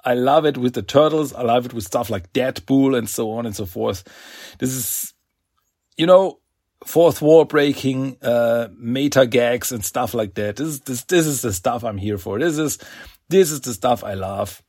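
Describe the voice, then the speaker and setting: A man's voice: medium pitch, measured pace, darkish tone, dry recording, studio quality. A man hosting a podcast, giving an enthusiastic, chatty comic book review and laughing often. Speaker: podcast host.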